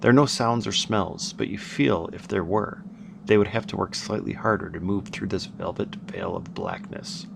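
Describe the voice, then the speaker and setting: Brief: low, gravelly male gamer reading on-screen text aloud, stop-start asides, noisy background hiss. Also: very animated. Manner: halting, many fillers and restarts between smooth reading. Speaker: gameplayer narrating. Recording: noisy home setup with background music.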